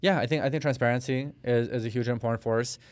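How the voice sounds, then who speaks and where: A man in his thirties, born in Russia, talks through his story as a podcast guest, stopping and restarting often. His voice is smooth and clear. The mic is close and the sound is dry, with no room around it. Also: mid-range voice, fairly even intonation, fast, darkish tone, dry recording. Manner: storytelling, hesitant with many restarts and fillers. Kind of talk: conversational interview.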